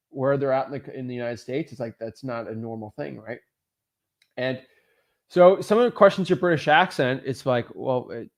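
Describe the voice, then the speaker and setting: A man hosting a casual live coaching Q&A, talking in a loose, rambling, upbeat way with lots of fillers. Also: mid-range voice. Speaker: real estate wholesaling coach and host.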